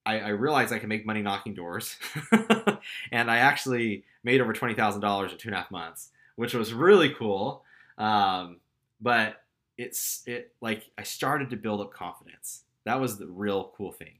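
A young man speaks in a casual storytelling way, candid and self-deprecating, and his voice turns animated as he goes. His tone is bright and forceful, sitting a little low in pitch. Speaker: storyteller recounting his career.

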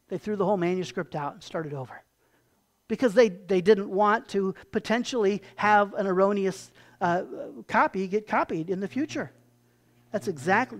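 Animated preacher giving a sermon. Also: mid-range voice. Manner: animated storytelling, emphatic. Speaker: pastor.

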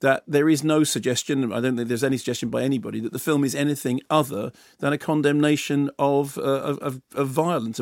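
A man's voice: mid-range voice, creaky, darkish tone, no echo, clean studio sound. A man from the UK, a film critic co-hosting a radio show, talking in a rambling, opinionated way with many restarts. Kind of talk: casual radio chat.

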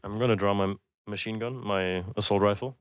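A man playing a tabletop role-playing game, stating his moves quickly and matter-of-factly. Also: lowish voice, fairly even intonation, dry recording, clean studio sound. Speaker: player.

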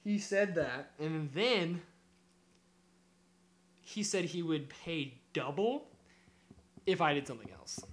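A young man on a podcast, telling a story in casual chat, animated and swearing often while he acts out what others said. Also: on the high side, a little hiss or hum. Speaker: podcast co-host.

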